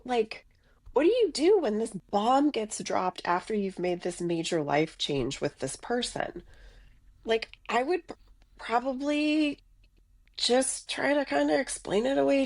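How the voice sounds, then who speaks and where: A woman's voice: fairly high pitch, darkish tone, no room sound. A woman co-hosting a casual podcast chat who backs up the speaker with agreeing remarks. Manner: supportive, with frequent agreeing interjections.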